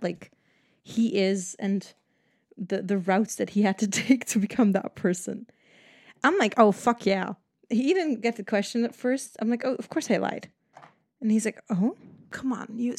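Animated, swearing young woman. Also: mid-range voice. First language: Dutch. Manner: animated, profane, rambling and laughing. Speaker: podcast host. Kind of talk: casual solo chat.

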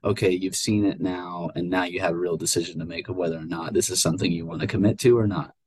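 Husky, deep-voiced podcast co-host. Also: male voice, fairly even intonation, fast, darkish tone. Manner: encouraging, hesitant with fillers. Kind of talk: casual chat.

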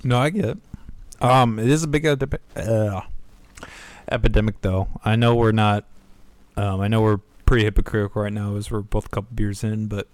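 A man's voice: lowish voice, steady tone, a little fast, a little mellow, dry recording. A man hosting a podcast, easygoing and swearing casually. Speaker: podcast host.

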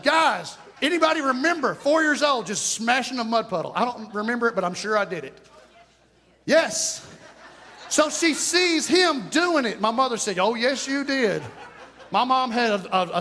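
A man preaching a lively, storytelling sermon, out of breath, shouting at moments. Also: very high voice, moderate pace. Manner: storytelling, animated, breaks into shouts and laughs. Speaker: pastor. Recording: long hall reverb.

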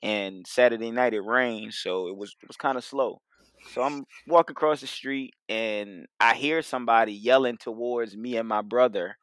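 A man's voice: medium pitch, normal speed, fairly bright tone, clean tone, no room sound. A man on a podcast telling a story in casual chat, laughing and chiming in often. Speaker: podcast co-host.

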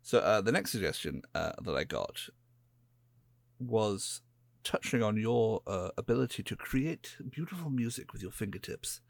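A man's voice: fairly low pitch, expressive, moderate pace, gravelly, dry recording. A man with an English West Country accent, co-hosting a podcast in laid-back, rambling casual chat. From England. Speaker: podcast co-host.

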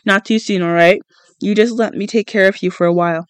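Peeta, a man reading a gentle caring teenage boy. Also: high-pitched, steady tone, fairly quick, clear, resonant tone, no room sound.

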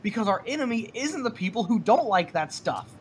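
Male podcast co-host, slightly high voice, hesitant and full of restarts, faint hiss behind. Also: big pitch swings. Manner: halting, many fillers and restarts. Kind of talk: casual podcast discussion.

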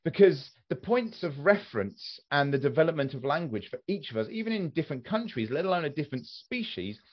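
Animated, lively-voiced man chatting casually. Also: fairly high pitch, brisk. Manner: animated, swears casually, frequent restarts. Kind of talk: casual podcast chat. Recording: slightly dull podcast audio.

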